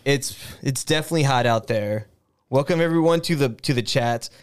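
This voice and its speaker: A man's voice: medium pitch, brisk, clean tone. Laughing young man on a podcast. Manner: laughs often, loose and joking, swears. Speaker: podcast co-host. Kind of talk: casual podcast chat.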